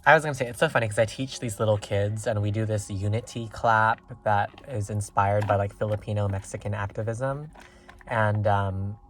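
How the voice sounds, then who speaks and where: Excitable, rambling man reading tarot. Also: normal speed. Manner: rambling and excitable, with many fillers and sudden jumps in pitch. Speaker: tarot reader. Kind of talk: casual pick-a-card tarot reading.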